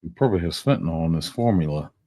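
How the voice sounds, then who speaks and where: A man's voice: low-pitched, animated, racing, warm tone, no echo. A man hosting a live stream, chatting casually and reacting with loose, profane remarks. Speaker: stream host.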